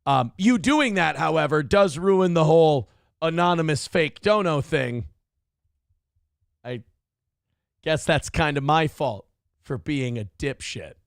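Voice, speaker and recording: Man, talk-show host, high pitch, dry close sound, rambling and profane. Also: animated, slow, vocal fry, long pauses, no room sound. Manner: profane, rambling, self-deprecating. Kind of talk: live-stream talk show, reading donations.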